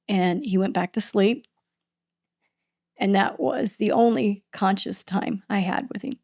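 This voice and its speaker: A middle-aged woman, a podcast host being interviewed, recounting a painful family loss in a halting, emotional way. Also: medium pitch, creaky, a little mellow. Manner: halting, restarts and voice breaking with emotion. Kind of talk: emotional personal storytelling in an interview.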